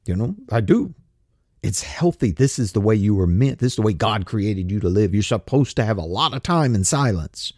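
An older man with a drawl rants bluntly as a show host, swearing freely and firing off rhetorical questions. His pitch swings widely as he talks, and the sound is dry and close with no room around it. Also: lively intonation, normal speed, a little mellow, no echo. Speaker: podcast host. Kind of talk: casual rant.

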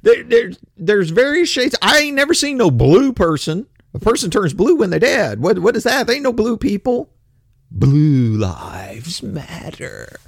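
A man's voice: very high voice, big pitch swings, normal speed, vocal fry, few pauses, no echo, clean studio sound. A man ranting in opinion commentary, blunt, profane and sarcastic.

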